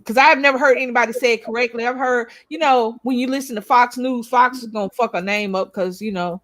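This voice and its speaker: A woman's voice: on the high side, brisk, a bit bright. A woman co-hosting a casual chat show, blunt and outspoken, swearing freely and repeating her points for emphasis. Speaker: co-host of a couples' YouTube channel.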